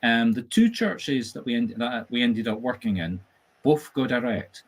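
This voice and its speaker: A Scottish man chats through a live stream, spinning chatty stories and jokes. His pitch sits in an ordinary middle range, and he talks with animated, lively energy. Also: moderate pace. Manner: chatty, animated, jokey storyteller. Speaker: medium and host. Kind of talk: casual live-stream chat. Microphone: video call setup.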